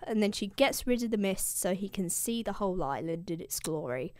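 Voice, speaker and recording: A woman's voice: medium pitch, animated, a little fast, no echo, studio quality. A young woman who hosts a show explaining the classics, retelling an epic in a casual, irreverent, slangy way.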